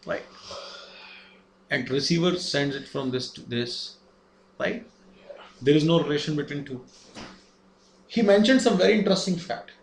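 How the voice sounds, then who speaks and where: A man's voice: on the high side, moderate pace, long pauses, slight background noise. A man giving a lesson, explaining step by step and asking rhetorical questions. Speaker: instructor. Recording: echoey room, faint ambience.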